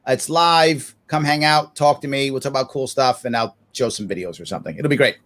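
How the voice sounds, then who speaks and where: A man's voice: mid-range voice, fairly quick, fairly bright tone. A man appearing as a podcast guest, bantering playfully with lots of energy. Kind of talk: casual podcast chat.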